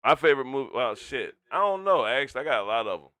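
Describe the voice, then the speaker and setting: A man co-hosting a live stream, talking loudly and with lots of swearing, drinking tequila as he chats. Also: mid-range voice, fast, dry recording. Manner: loud, profane, animated storytelling. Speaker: stream co-host. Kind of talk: casual stream chat.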